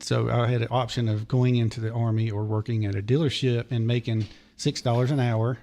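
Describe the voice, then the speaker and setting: Hoarse man telling long stories. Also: medium pitch, steady tone, a little fast, dark tone. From Charlotte area, North Carolina. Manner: digressive, detail-heavy storyteller. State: hoarse, losing his voice. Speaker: podcast guest, former race mechanic. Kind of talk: long rambling story told in casual chat.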